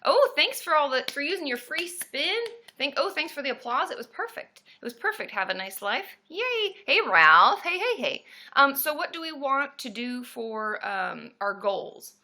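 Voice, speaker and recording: Woman chatting on a webcam live stream at home, bright high voice, bubbly, yells woo and yay a lot. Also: very animated, moderate pace, hardly any pauses. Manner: bubbly, greets viewers by name, bursts into loud cheers. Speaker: therapist hosting a live stream. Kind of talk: casual live-stream chat. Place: room at home.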